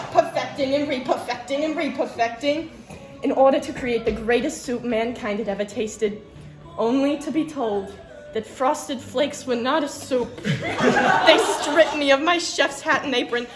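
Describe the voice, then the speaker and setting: A woman's voice: high voice, unhurried, reverberant, faint music behind. A young woman contestant telling an overblown, mock-dramatic story for laughs. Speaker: contestant in a comedy cooking video. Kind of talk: mock-dramatic comic monologue.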